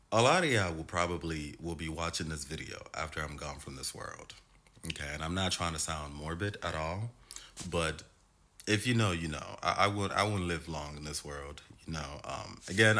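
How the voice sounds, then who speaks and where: A very deep-voiced Nigerian American man talks straight to his viewers in a loose, slangy monologue. His tone is bright and forceful, and he drawls certain words out for emphasis. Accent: Nigerian American, switching between Nigerian and American. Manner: expressive, slangy, laughs often, drawls for emphasis. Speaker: vlogger. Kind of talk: casual monologue to camera.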